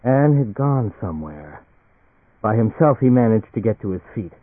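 A man narrating a novel aloud in a measured, even reading, giving the dialogue quiet voices. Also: fairly low pitch, slightly rough, no room sound. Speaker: audiobook narrator. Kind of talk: scripted narration. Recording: tinny phone-like audio.

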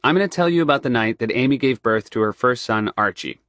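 A middle-aged man with a nasal voice from a broken nose, speaking in a deadpan, wry way in a studio booth. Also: medium pitch, fast, no echo. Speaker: guest reader. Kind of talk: playful banter, then scripted reading. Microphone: studio microphone.

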